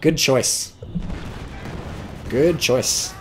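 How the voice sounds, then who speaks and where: A man with an American accent giving casual play-by-play commentary on a strategy game, excitable, swearing and yelping at big plays. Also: mid-range voice, very slow, a little hiss or hum.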